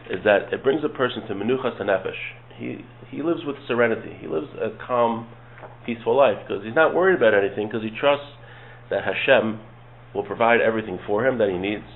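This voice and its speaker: A man teaching a Torah study class, speaking calmly and explaining step by step, reading Hebrew verses and translating them. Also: fairly low pitch, slight background noise. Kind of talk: relaxed study-class lecture. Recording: tinny phone-like lo-fi audio.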